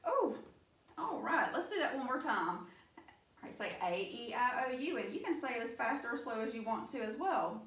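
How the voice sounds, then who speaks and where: A woman's voice: on the high side, big pitch swings, moderate pace, a bit bright, echoey room, far from the mic. A woman with a Southern US accent teaching young children a phonics lesson, upbeat and encouraging. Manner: upbeat, encouraging, addresses class with y'all. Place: classroom.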